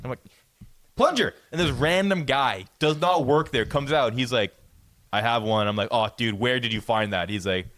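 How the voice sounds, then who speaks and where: A man's voice: mid-range voice, a little fast, a bit bright, no room sound. A man co-hosting a podcast, telling a long story in a rambling way, with many stammered restarts and a lot of swearing. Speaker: podcast co-host. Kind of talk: casual storytelling.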